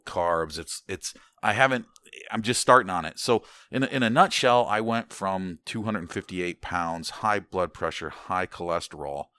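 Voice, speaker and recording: A very deep-voiced American man talking in loose, casual conversation. He rambles, restarts his sentences often, and swears offhandedly. The sound is dry and close. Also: pushed and bright, clean tone, dry recording. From United States. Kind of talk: casual chat.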